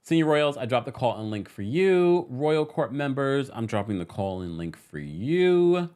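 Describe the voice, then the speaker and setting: A man's voice: medium pitch, sing-song, a little slow, dark tone, clean tone. A man hosting a casual live-stream recap from New York City, chatting and reading viewer comments aloud with frequent laughs.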